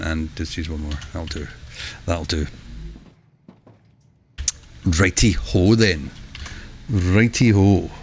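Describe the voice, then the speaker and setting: Chatty low-voiced man streaming a game. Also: creaky, slight background noise. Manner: chatty, excitable exclamations. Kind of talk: live gameplay commentary.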